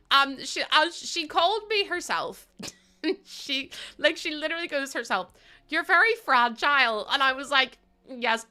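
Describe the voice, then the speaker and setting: A woman's voice: medium pitch, pushed and bright, clear, resonant tone. A young adult woman streaming live, chatting casually and giggling as she thanks viewers by name. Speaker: game streamer.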